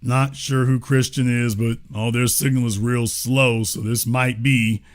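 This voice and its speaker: A man's voice: medium pitch, level tone, a little slow. A man hosting a livestream political commentary show, talking in a mocking, sarcastic way. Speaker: show host.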